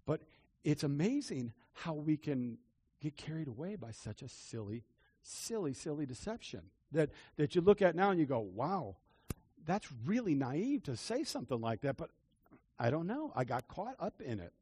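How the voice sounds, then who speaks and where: An older man with a husky, slightly high voice preaches from personal experience. His pitch rises and falls widely as he repeats phrases with earnest conviction, dropping to near-hushed confession and then climbing back to emphatic declaration. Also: very animated, moderate pace. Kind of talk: testimony-style sermon.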